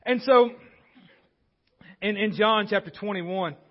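A man with a high-pitched voice delivers a sermon from the pulpit, speaking conversationally and often stumbling into restarts. The sound is dull and lo-fi, as if captured on modest equipment. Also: takes it slowly. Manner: conversational preaching with frequent restarts. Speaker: pastor. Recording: dull lo-fi recording.

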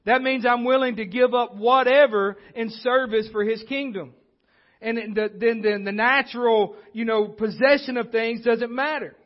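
Man, pastor, high voice, sermon, conversational, repeats himself, muffled lo-fi recording. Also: fairly even intonation, moderate pace. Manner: conversational preaching with frequent restarts. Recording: dull lo-fi recording.

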